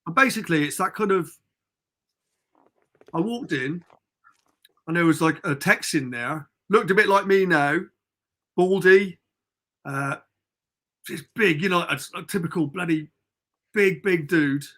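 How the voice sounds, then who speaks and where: A man's voice: on the high side, measured pace, long pauses, a bit bright. A middle-aged man from England, a podcast guest telling rambling stories in casual chat over a remote call. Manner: rambling storyteller, chatty and informal.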